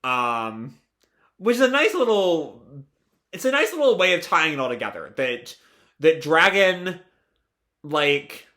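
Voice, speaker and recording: A man's voice: a little high, very animated, unhurried, pauses often, pushed and bright. A man casually recapping a comic chapter in a live reaction video, talking with many fillers and restarts. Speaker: video creator.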